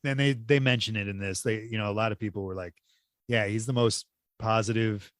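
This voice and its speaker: A man's voice: on the low side, brisk, no echo, studio quality. A man co-hosting a movie podcast in casual chat, enthusiastic and swearing freely. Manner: enthusiastic, swears freely, quotes people in animated voices. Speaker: podcast co-host.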